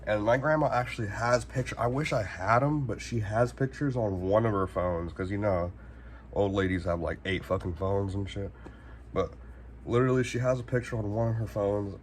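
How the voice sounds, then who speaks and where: Low-voiced guy in his 20s from norcal, rambling slangy storytime, cusses a lot, bit of faint background noise. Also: moderate pace. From Northern California. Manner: rambling, slangy, swears freely, heavy use of "like" and "literally". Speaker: vlogger. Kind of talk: casual storytime.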